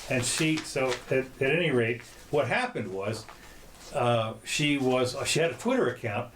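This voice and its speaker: A man hosting a podcast, chatting casually in a rambling, halting way with many restarts. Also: mid-range voice, animated, fairly bright tone, slight background noise. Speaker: podcast host. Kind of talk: casual chat.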